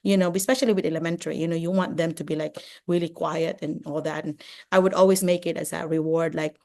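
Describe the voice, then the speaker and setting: Older woman, retired educator, lively and chatty, lots of "you know", heard over a video call. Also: deep voice, fast talker, creaky. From Philippines. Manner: animated, acts out classroom exchanges, many "you know"s. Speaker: retired teacher and administrator, guest speaker. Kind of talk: casual advice talk on a video call.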